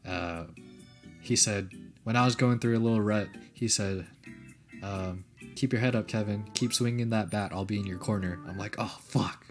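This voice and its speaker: A man's voice: lowish voice, steady tone, normal speed, soft background music. A young man co-hosting a podcast in casual chat, laid-back and saying dude a lot. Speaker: podcast co-host.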